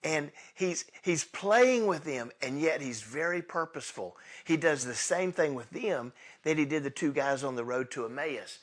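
A man preaching a sermon in a casual, conversational way, swinging between loud bursts and hushed asides as he tells the story. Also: on the high side, expressive, moderate pace, hardly any pauses. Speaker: pastor.

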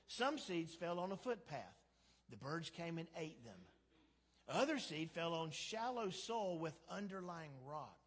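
Husky male pastor preaching in a reverberant hall. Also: high voice, a bit bright. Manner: conversational and humorous, acts out quotes. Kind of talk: sermon. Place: church sanctuary.

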